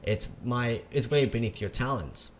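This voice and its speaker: A man voicing an encouraging male teacher who speaks in a soft, reassuring way. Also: medium pitch, animated, moderate pace, a little hiss or hum, close to an everyday voice.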